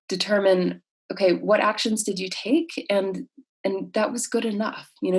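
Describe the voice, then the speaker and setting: A woman counselor explaining her work in a conversational interview, thoughtful and halting, with many fillers and restarts. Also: fairly low pitch, creaky, a little mellow.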